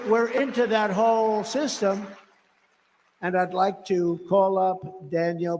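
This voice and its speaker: Male political candidate, high-pitched, rambling and emphatic, echoing rally PA. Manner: rambling, emphatic, repeats phrases, mocking asides. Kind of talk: off-the-cuff rally speech. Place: large rally venue. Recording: long-reverb rally PA sound.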